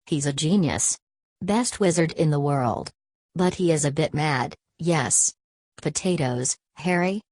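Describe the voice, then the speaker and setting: A woman's voice: sits low, a little slow, darkish tone, no room sound. A woman voicing a pompous, airy teenage boy prefect.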